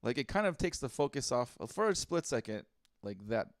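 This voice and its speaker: A man's voice: mid-range voice, big pitch swings, a little fast, no echo, clean studio sound. A man co-hosting a comedy podcast, reading out listener posts and riffing bluntly with lots of fillers and swearing. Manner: blunt, profane, filler-heavy. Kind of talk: casual comedic chat.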